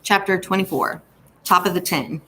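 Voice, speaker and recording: A woman narrates a novel in a steady, even storytelling manner. Her voice sits on the lower side for a woman, with a faint hiss behind it. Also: normal speed. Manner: steady storytelling in a first-person boy's voice. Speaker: audiobook narrator. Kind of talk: scripted narration.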